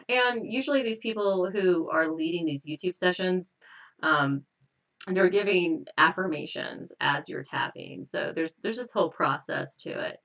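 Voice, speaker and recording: Woman with a lowish voice, relaxed chatty live stream, tapping affirmations, a bit tired, slightly distant from the mic. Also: a little slow. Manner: relaxed, chatty, laughs often, repeats affirmations. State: a little tired and stressed. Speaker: hypnotist leading a tapping exercise.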